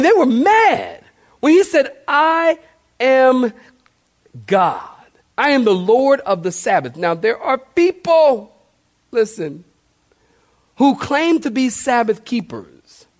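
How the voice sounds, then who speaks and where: A male pastor delivers a sermon in a notably high voice. He preaches with animated energy, turns to the congregation with direct questions and bursts into shouted, cartoonish exclamations for emphasis.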